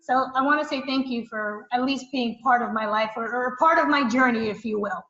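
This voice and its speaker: Effusive woman realtor for a testimonial, high voice, echoey and slightly dull audio. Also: brisk, fairly bright tone. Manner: effusive and enthusiastic. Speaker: real estate agent client. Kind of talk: client testimonial interview.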